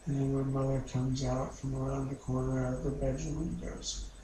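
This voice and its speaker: A man's voice: medium pitch, monotone, normal speed. A man in a therapy session recounting a painful memory, speaking in a raw, emotionally charged and profane way. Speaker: therapy client. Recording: echoey room with background noise.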